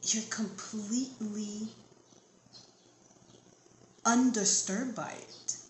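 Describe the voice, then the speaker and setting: Brief: calm tarot reader, woman, soothing and repetitive, echoey room with faint noise. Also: medium pitch, extremely slow. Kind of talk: channeled tarot reading.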